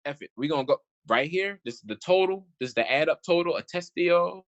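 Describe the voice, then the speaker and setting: This online commentator's voice is a little high, expressive, and a little fast, captured with dull audio. He reads old documents aloud and reacts indignantly in a casual, rambling way, restarting often and using plenty of "y'all."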